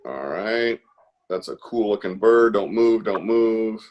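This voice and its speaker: Casual deep-voiced guy hosting an art stream, chatty, cheering the kids on. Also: slow, darkish tone, lo-fi sound. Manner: upbeat, chatty and encouraging. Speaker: host of an online art class. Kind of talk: casual live-stream instruction. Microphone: video call.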